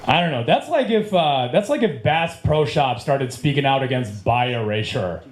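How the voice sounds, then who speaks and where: Same club, same echo and faint room noise: a man in his late thirties rambles through stand-up comedy and cracks himself up along the way. He speaks at a normal speed in a mid-range voice with lively intonation.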